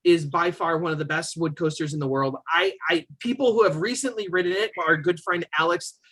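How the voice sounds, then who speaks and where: An enthusiastic man co-hosts a casual podcast, and his voice has a bright, forward edge. He talks in an opinionated, easygoing way, with frequent fillers and loose restarts. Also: a little high, fairly quick. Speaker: podcast co-host. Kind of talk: casual chat about roller coasters.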